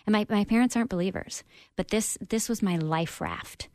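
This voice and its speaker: A woman's voice: medium pitch, moderate pace, a little mellow, no room sound, clean studio sound. A woman guest on a radio interview, telling her personal story in an earnest, open, reflective way with frequent ums.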